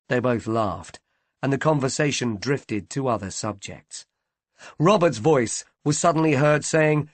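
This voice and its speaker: A man reading a mystery novel aloud in a measured, expressive way. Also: mid-range voice, no echo. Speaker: audiobook narrator. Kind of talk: scripted narration.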